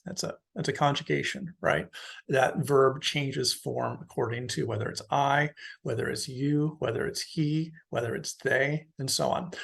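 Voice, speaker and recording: Gravelly, husky male lecturer. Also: mid-range voice. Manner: explanatory, casual with fillers. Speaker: university lecturer. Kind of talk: recorded lecture.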